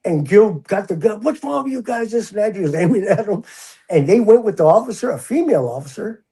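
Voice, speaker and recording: A man's voice: high voice, lively intonation, a little fast, warm tone, slightly rough, low-quality recording. An older man, a retired prison officer, tells a story in a casual interview and acts out the voices he quotes.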